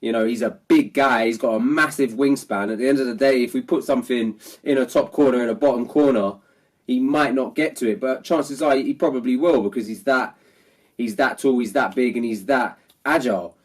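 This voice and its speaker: A man's voice: medium pitch, a little fast. A man who is ill and sounds nasal, delivering a frustrated post-match fan vlog rant as the channel's regular voice. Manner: frustrated, repetitive. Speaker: football fan vlogger.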